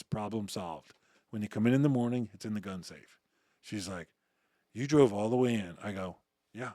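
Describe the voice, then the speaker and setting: In a studio-quality recording free of room sound, a man with a fairly low voice tells stories as a guest on an interview show. Once a uniformed security officer, he's animated and conversational, acting out quotes and restarting his sentences a lot.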